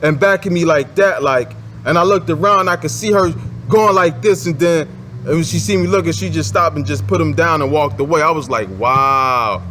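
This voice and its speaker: A man's voice: a little high, normal speed, a bit bright, a little hiss or hum. A man telling a personal story in a casual, rambling monologue, with many fillers and restarts. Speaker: advice vlogger.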